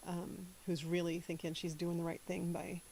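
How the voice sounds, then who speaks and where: A woman's voice: lowish voice, completely flat delivery, moderate pace, dark tone, a little hiss or hum, low-quality recording. A woman from the American South chatting casually to camera, giggling often. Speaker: channel host.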